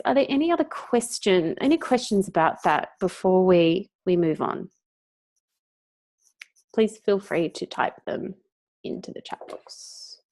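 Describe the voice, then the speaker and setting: A woman coach giving a live online training, talking casually and acting out little inner voices as she explains. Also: medium pitch. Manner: animated, acts out inner voices.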